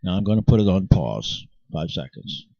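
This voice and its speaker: Gravelly, low-pitched and very animated at a moderate pace, the channel host pushes an impassioned monologue at his viewers, often breaking off to restart sentences with emphatic insistence. There's no echo on the dry, dull lo-fi recording.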